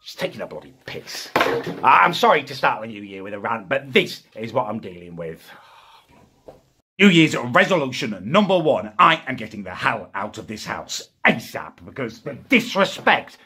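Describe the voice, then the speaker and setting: A young man in a comedic rant, exasperated and indignant, with sudden high-pitched outbursts. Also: sing-song, moderate pace, sharp tone, slight background noise. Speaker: comic ranting character.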